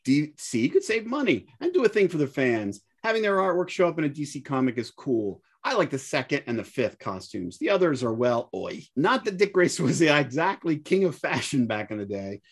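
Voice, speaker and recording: A man's voice: a little high, sing-song, fairly quick, few pauses, slightly rough. A man co-hosting a podcast, reading listener mail with wry asides and frequent chuckles. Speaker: podcast co-host.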